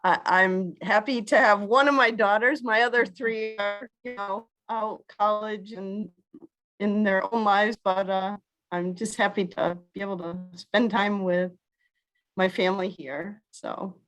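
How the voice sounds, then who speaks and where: A middle-aged mother chatting on a video call, halting and filling pauses with ums. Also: mid-range voice, steady tone, a bit bright. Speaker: participant, mother. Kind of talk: casual sharing on a video call.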